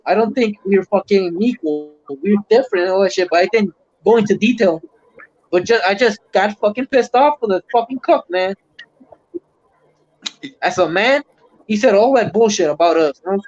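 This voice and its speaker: A man hosting a livestream, ranting in casual, heavily profane chat. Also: high-pitched. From Puerto Rico. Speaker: livestream host. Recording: muffled lo-fi stream audio.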